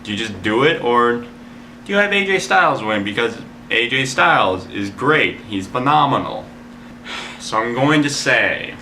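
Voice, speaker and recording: A man talks through his predictions in a casual, rambling way, leaning on "like" and "I mean" as he thinks aloud. His voice sits a bit low but has a bright, forceful edge. He is opinionated and swears now and then when he gets worked up. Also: a little hiss or hum. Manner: rambling, with many "like" fillers. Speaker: wrestling video blogger.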